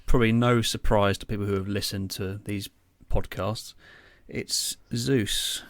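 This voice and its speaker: Rambling man, low dry voice. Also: steady tone, a little slow, no echo. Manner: rambling storyteller, filler-heavy, swears casually. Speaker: podcast co-host. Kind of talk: casual chat.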